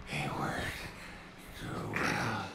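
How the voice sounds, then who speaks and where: An actor playing a deranged, menacing male asylum patient in a horror game, speaking in a slow, creepy, gravelly voice. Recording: echoey game audio with loud noise.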